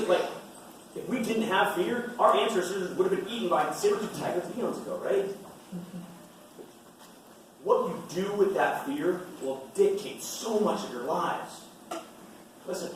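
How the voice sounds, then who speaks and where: A man gives a motivational talk, hammering his points home by repeating them. His voice sits a little high for a man and comes from well back in a very echoey hall, with a faint hiss underneath. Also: far from the mic. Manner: emphatic, repeats key points. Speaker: retired Navy SEAL speaking to students.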